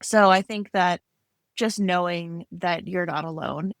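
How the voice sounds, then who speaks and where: A woman co-hosting a podcast about art, talking in a relaxed, reflective way with frequent fillers. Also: lowish voice, a little slow, no echo, clean studio sound. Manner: warm, reflective, lots of fillers and laughs. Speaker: podcast co-host. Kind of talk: casual chat.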